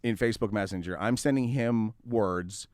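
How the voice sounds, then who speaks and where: A man hosting a radio talk show, telling a long story in a casual, animated way, swearing freely and acting out both sides of the conversation. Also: lowish voice, normal speed, no echo, studio quality. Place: studio.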